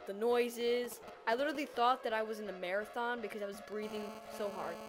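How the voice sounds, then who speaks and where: A teenage girl telling a personal story in a casual vlog, animated and dramatic, acting out her own reactions. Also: a little high, fairly quick, music in the background. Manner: animated, dramatic retelling with acted-out quotes.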